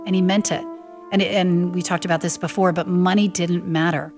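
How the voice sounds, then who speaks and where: A woman's voice: on the low side, moderate pace, faint music behind. A woman telling a family story, acting out the voices of the people she quotes. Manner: lively storyteller who acts out quoted voices. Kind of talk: anecdotal storytelling.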